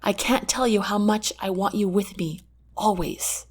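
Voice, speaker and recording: A woman voicing a loving young man, soft and earnest, with a husky tone. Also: mid-range voice, unhurried. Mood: tender.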